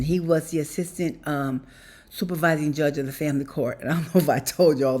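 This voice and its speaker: A woman's voice: low-pitched, a little mellow. A woman talking to her viewers in a personal vlog, rambling and emotional, repeating herself and breaking into laughter mid-sentence. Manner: talks straight to viewers as "you guys". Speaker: vlogger.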